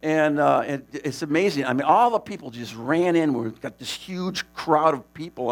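Man, missionary storyteller, gravelly voice, lively and laughing, mains hum behind. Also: a little high, normal speed, hardly any pauses. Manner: animated, laughing, rambling with restarts. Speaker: missionary preacher. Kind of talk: casual storytelling testimony.

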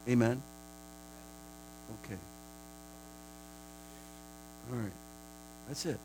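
A man preaching a sermon, repeating phrases for emphasis and swinging between a hushed, prayerful murmur and high, shouted declarations. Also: a little slow, noisy background.

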